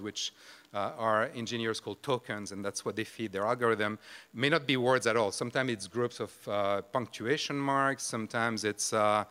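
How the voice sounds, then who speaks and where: A man's voice: medium pitch, pushed and bright. A man giving a conference presentation on a microphone in a large lecture room, hesitant and full of fillers and restarts. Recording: long hall reverb.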